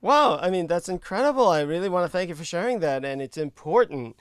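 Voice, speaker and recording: A male host warmly thanking a guest for sharing a story. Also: high-pitched, animated, fast, clear, resonant tone. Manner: supportive, reacting with short interjections.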